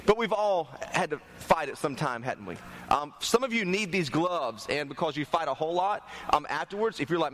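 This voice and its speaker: In church, a young pastor from North Carolina with a fairly high voice preaches fairly quickly, joking and telling stories with lively energy. He keeps asking the congregation to respond.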